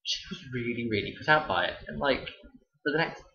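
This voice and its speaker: A man's voice: medium pitch, lively intonation, a little fast, gravelly, bright, forceful tone. Young man, teacher, casual sarcastic anecdotes, dull muffled sound, echoey room. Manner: dry, sarcastic delivery. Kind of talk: casual storytelling to camera.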